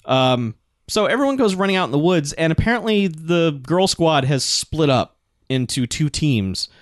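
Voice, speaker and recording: Man, casual chat, lively up-and-down pitch, acts out characters, dry close sound. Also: no room sound. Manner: animated storyteller, acts out characters in quick voices, laughs often. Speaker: podcast co-host recapping a movie.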